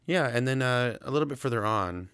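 A man's voice: medium pitch, lively intonation, brisk, fairly bright tone, smooth, no room sound. A man casually recapping a film's plot in a chatty, rambling, amused way. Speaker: film reviewer.

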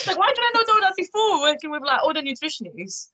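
A woman's voice: high voice, sing-song, normal speed, bright, forceful tone. A young woman, a guest on a podcast, chatting in an easygoing way. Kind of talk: casual chat.

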